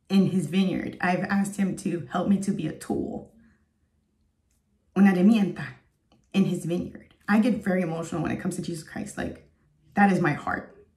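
A woman's voice: on the low side, a little mellow. A woman in her thirties giving an earnest, emotional spoken testimony as a vlogger, rambling with lots of fillers. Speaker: faith vlogger.

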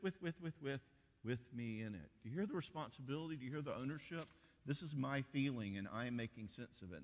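A man gives a folksy, animated conference sermon, now and then slipping into quick impressions of spouses. His voice sits at an everyday middle pitch. It rings with a long reverb from a church auditorium. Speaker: pastor leading a marriage conference.

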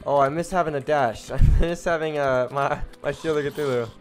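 A young man giving casual, rambling commentary as he streams a video game, breaking into excited exclamations and cutting himself off mid-sentence. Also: a little high, moderate pace. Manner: chatty and rambling, with excited exclamations and self-interruptions. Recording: faint game music behind.

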